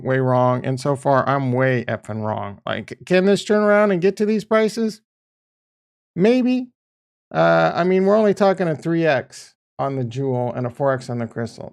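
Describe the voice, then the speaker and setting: A man with a slightly raised pitch talks through his crypto holdings in a loose, casual way. He drifts between low muttering and blunt, profane outbursts, swearing freely as he goes. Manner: swings from quiet muttering to heated ranting. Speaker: crypto YouTuber. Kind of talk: casual screen-share commentary.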